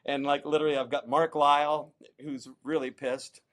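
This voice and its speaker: Middle-aged American man, casual interview guest, slightly high voice, lively storyteller who acts out the people he quotes. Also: normal speed. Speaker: interview guest, champion kayaker.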